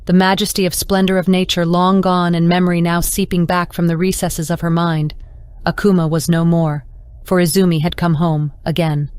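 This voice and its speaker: Smooth-voiced woman reading an audiobook. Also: fairly low pitch, a little mellow, no room sound. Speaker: audiobook narrator. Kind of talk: scripted narration.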